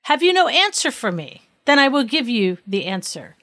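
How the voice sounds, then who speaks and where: A woman voicing a stern, just king who commands and questions forcefully in a read-aloud story. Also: mid-range voice, big pitch swings, moderate pace, no echo.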